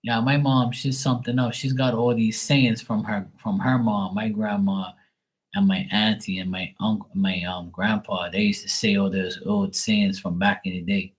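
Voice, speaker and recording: A man's voice: lowish voice, flat delivery, moderate pace, low-quality recording. A man chatting casually on a live tarot stream, blunt and swearing freely. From Bermuda.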